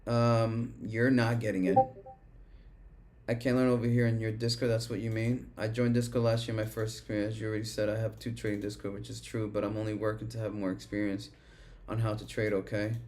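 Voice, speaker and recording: A man's voice: on the low side, little pitch movement, a little fast, darkish tone. A man hosting a live trading stream, talking loosely and with profanity about the market and reading chat, breaking into chanted rap lines and muttering to himself. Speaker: livestream trader host.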